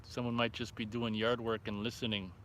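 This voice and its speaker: A man's voice: lowish voice, level tone, fairly quick, fairly bright tone, slight background noise. A man hosting a casual live stream outdoors by a fire at night, reading viewer comments aloud and reacting offhandedly. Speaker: livestream host reading chat.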